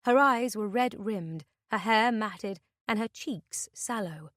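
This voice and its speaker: A woman reading a thriller audiobook in the first person, with a tense, measured delivery. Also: mid-range voice, a bit bright, no echo, clean studio sound. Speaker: audiobook narrator. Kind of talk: scripted narration.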